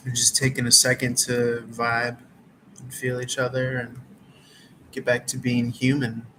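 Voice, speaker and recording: A man's voice: mid-range voice, monotone, a little slow, background noise. A man who reads tarot, chatting casually outdoors around a campfire, laid-back and meandering, full of fillers. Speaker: tarot reader. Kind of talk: casual rambling chat.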